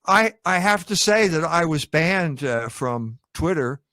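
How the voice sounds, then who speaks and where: A male interviewer talks in a halting, hesitant manner, often stalling as he searches for his words. His voice is high for a man. The sound is close and dry, with no room echo. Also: expressive, bright, forceful tone. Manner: halting, hesitant, many fillers and restarts. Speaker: host, interviewer. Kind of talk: interview conversation.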